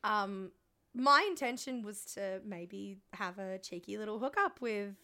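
A woman's voice: mid-range voice, measured pace, sharp tone. A woman co-hosting a podcast, telling a story in casual chat, rambling with ums and swearing. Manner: rambling, frequent ums, swearing, self-mocking. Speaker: podcast co-host.

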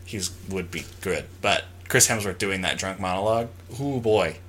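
A man's voice: sits low, normal speed, fairly bright tone. A man co-hosting a podcast, bantering casually and laughing often. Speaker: podcast co-host. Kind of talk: casual chat.

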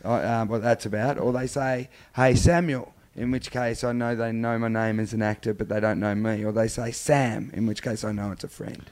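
Australian man guest, relaxed self-deprecating banter. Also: fairly low pitch, fairly quick, few pauses, clean tone. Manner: laid-back, self-mocking, lots of "yeah, totally". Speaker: guest, actor and charity unicyclist. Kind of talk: casual radio chat.

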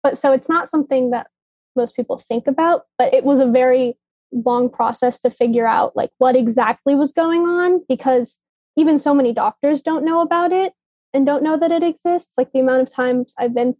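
A woman's voice: sits high, moderate pace, darkish tone, dry recording. A young woman casually telling her own health story, matter-of-fact, with many likes. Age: young adult. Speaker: guest, daughter. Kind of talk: personal storytelling. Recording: dull, dry sound.

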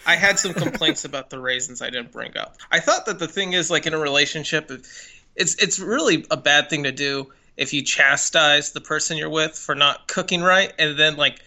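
A man's voice: a little high, moderate pace, sharp tone. A man on a movie podcast who argues his opinions in casual chat, swearing now and then. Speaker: podcast co-host.

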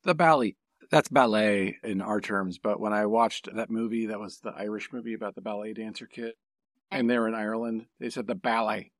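Deadpan man co-host, dry studio sound. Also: on the low side, a little fast, no echo. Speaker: podcast co-host, artist. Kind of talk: casual podcast chat.

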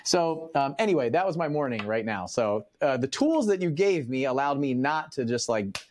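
A man's voice: mid-range voice, lively intonation, moderate pace, darkish tone, a little hiss or hum. A man speaking as a coaching client with a mid-range voice. He recounts things casually and loosely, with many fillers and asides. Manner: loose, filler-heavy storytelling. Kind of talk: casual personal account.

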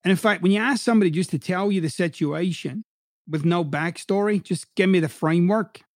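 A man's voice: high-pitched, a little fast, no room sound, clean studio sound. A middle-aged man who hosts a podcast and used to coach, giving a blunt, profane motivational monologue with heavy emphasis. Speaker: podcast host, former coach.

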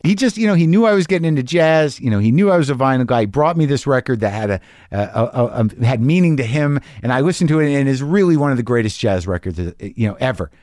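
Wry, profane podcast host reading emails. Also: male voice, mid-range voice, lively intonation, quick pace, darkish tone, no echo, studio quality. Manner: wry, profane, rambling with frequent restarts. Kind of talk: casual monologue reading listener emails.

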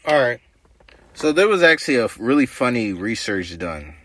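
A man's voice: medium pitch, very animated, normal speed, fairly bright tone. A man co-hosting a casual podcast, bringing up topics and asking questions. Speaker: podcast co-host. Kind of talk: casual banter.

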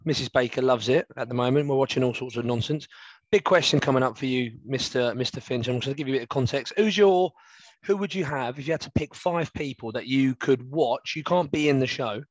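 A man's voice: medium pitch, a little fast, no room sound. A man in his thirties co-hosts a casual football podcast, teasing his partner and firing off playful questions. His voice comes through slightly dull and muffled, with a dry, close sound. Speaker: podcast co-host. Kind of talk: casual banter.

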